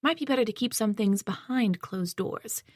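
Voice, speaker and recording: A woman voicing a gruff middle-aged man who leads a band of survivors, speaking bluntly and dismissively in an audiobook. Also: on the high side, moderate pace, no echo, studio quality, natural voice.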